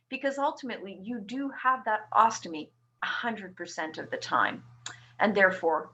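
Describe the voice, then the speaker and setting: A woman's voice: medium pitch, bright, forceful tone, lo-fi sound. A woman nurse from Canada presenting a webinar, explaining a tax form step by step to patients. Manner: explanatory, walks through form slide by slide.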